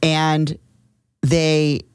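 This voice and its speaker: Low-voiced woman telling a lively story. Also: drawn-out words, smooth, dry recording, clean studio sound. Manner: animated, acts out quotes in the story. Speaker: podcast co-host. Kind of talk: casual storytelling chat.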